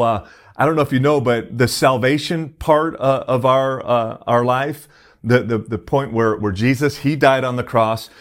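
A man preaching a casual sermon as a pastor, talking conversationally with many fillers and restarts. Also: medium pitch.

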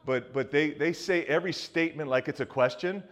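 A man's voice: on the high side, brisk. A man in his fifties from the US Northeast, preaching a sermon in a loose, joking, conversational way with many restarts and asides. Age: 50s. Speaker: pastor.

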